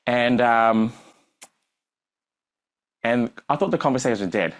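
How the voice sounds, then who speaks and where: A man's voice: mid-range voice, unhurried. A man, a business coach telling a story on stage to a live audience and acting out the dialogue.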